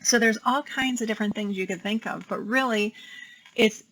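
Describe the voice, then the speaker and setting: A woman's voice: medium pitch, moderate pace, fairly bright tone, a little hiss or hum, low-quality recording. A woman, a life coach, talking casually about challenging anxious thoughts, with many fillers and quoted inner voices. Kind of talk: casual talk on managing anxiety.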